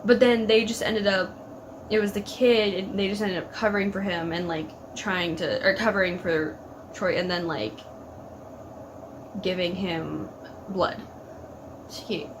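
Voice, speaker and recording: A young woman with a medium-pitched, steady voice speaks a little slowly and pauses often, with background noise present. In her casual TV reaction vlog, she gets emotional about an episode, gushing, filling her talk with "like," and talking back to what she's watching.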